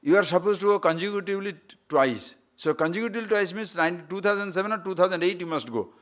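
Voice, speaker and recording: A middle-aged man with an Indian English accent, giving a spiritual lecture on scripture. He moves between loud emphasis and quiet asides, and laughs at his own jokes. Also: high-pitched, lively intonation, fast. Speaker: spiritual teacher.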